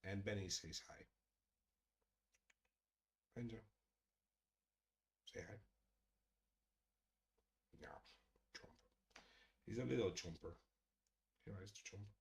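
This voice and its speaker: A middle-aged man hosting a casual live stream, chatting with viewers in a joking, profane way and murmuring softly to his cat. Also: fairly low pitch, slow pace, gravelly, pauses often, slight background noise. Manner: profane, joking, addresses chat directly; drops to soft murmurs talking to his cat. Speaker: streamer hosting a creator hangout.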